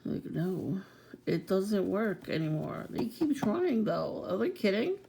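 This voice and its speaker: A woman's voice: medium pitch, sing-song, takes it slowly, vocal fry, mellow, husky. A woman vlogging in a casual, blunt rant, swearing freely and laughing often.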